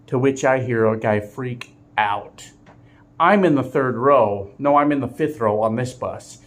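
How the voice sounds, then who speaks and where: A middle-aged man, a truck driver, casually telling a story to his viewers with animated chuckles. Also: medium pitch, a little slow.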